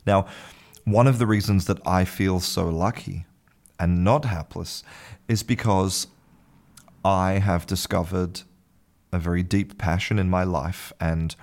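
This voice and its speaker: A man hosting a podcast as an English teacher, explaining words in a relaxed way and spelling them out letter by letter. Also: sits low, a little slow. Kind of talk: casual spoken lesson.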